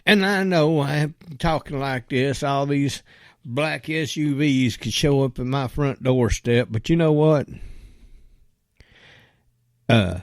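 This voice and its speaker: A man's voice: mid-range voice, slow pace, long pauses, dry recording, studio quality. A man delivering an angry, profane rant that he aims straight at a politician. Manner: blunt and profane, addresses a politician directly.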